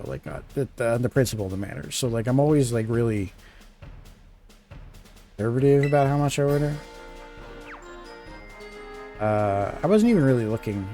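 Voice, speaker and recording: A man chats casually while streaming a game, rambling and restarting his sentences with plenty of fillers. His voice is mellow and of middling pitch, with faint game music under it. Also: fairly quick. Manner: rambling, filler-heavy, self-interrupting. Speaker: gaming streamer. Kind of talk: casual live-stream chat.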